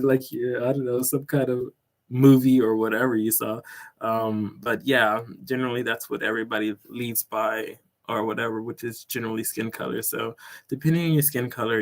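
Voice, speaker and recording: A young man tells stories in a loose vlog about teaching abroad. His voice sits at an everyday pitch, and his talk wanders with plenty of "like" and "um". Small laughs slip in as he goes. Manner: rambling, filler-heavy, full of "like" and "um"; chuckles while telling stories. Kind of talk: casual storytelling vlog.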